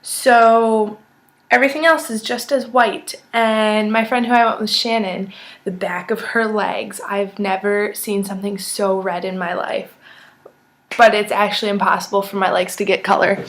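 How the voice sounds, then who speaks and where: A woman of nineteen telling an excited, chatty story, full of "like" and acted-out quotes. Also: medium pitch. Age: young adult. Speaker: vlogger. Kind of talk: casual storytelling.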